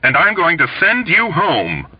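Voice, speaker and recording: Guy doing a curt army shrink, dismissive, higher voice, lo-fi. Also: huge pitch swings, a little slow, breathy edge, exaggerated voice. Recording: dull lo-fi dry recording.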